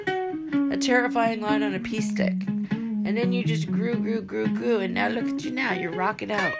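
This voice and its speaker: Woman, 40s, casual playful chat, lively pitch, gravelly edge, guitar in background. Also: moderate pace. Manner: playful, laughing, teasing. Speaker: vlogger, mother.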